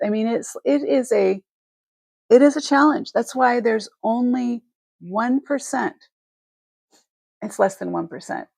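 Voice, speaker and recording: Gravelly-voiced woman hosting a live stream. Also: mid-range voice, a little mellow, no room sound. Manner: heartfelt and rambling, with many restarts. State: emotional, near tears. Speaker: host of a live jewelry selling stream. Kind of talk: live-stream chat to viewers.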